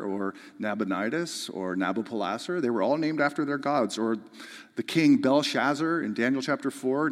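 A man preaching a sermon, building to emphatic, fervent peaks and dropping back to soft, earnest explanation. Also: medium pitch. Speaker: pastor. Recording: long hall reverb.

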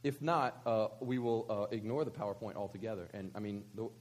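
A pastor preaching a conversational sermon at a church service, asking many rhetorical questions. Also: male voice, fairly low pitch, brisk.

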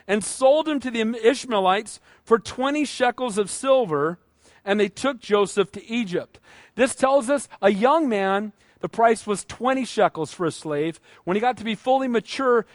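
High voiced guy preaching, acts out the bible voices, really dry sound. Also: no echo. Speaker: pastor. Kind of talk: sermon.

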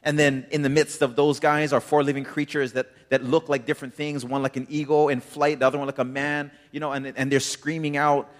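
A man's voice: a little high, little pitch movement, brisk, few pauses. A man preaching a casual sermon in a laid-back, chatty way, full of filler words. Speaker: pastor. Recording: reverberant hall.

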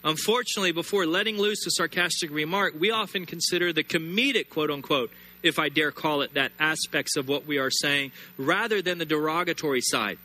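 A man preaching a sermon, emphatic, repeating words and slowing down hard on key lines. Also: fairly high pitch, pushed and bright. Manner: emphatic, repeats words and builds phrases, slows sharply on scripture.

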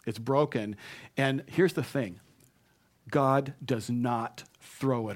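A man's voice: medium pitch, takes it slowly. Man preaching a conversational sermon. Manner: conversational, with repeated restarts and rising emphatic bursts. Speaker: pastor.

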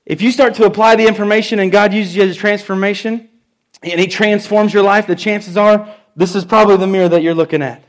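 Middle-aged guy preaching, kinda high voice, slows down to hammer his points home. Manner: animated storytelling with slow emphatic repeats. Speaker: pastor. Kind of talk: sermon.

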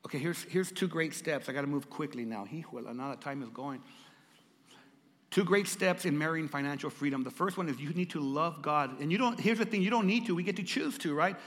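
A man's voice: a little high, brisk, a bit bright, in a large hall. A male pastor preaching a sermon, dramatic and repeating lines for emphasis as he calls out to the congregation. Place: church.

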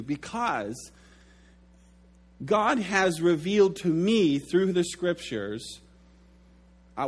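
A middle-aged pastor preaching a sermon, telling stories with lively swings in his delivery. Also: a little high. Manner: animated storytelling, acts out his own shouted outburst.

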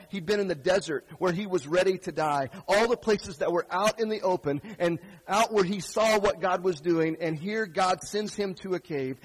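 Earnest pastor with a higher voice. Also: male voice, rough recording. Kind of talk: sermon.

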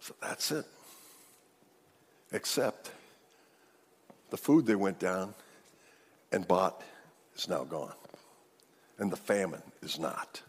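A middle-aged male pastor preaching a sermon, retelling a scripture story with animated acted-out dialogue. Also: low-pitched, slow pace, long pauses, husky, long reverb tail.

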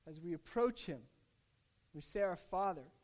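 A man preaching a sermon, earnest and conversational, with frequent restarts and casual asides. He swings between hushed, tender lines and louder, emphatic ones. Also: sits high, animated, a little slow. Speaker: pastor.

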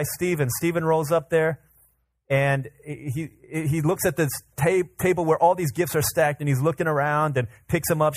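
A man preaching a casual, energetic sermon to a congregation, often repeating and restarting words as he tells everyday examples. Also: fairly high pitch, no room sound. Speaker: pastor. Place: church service with congregation.

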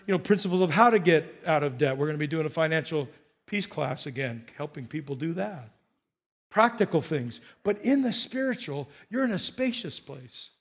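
A male pastor preaching a sermon to his congregation, animated, repeating phrases and coaxing the people to answer back. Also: sits high. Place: church.

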